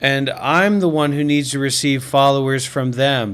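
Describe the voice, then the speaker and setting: A man's voice: medium pitch, moderate pace, hardly any pauses, a bit bright, clean tone. A man streaming a reaction video, ranting and hurling profane insults in a mocking tone.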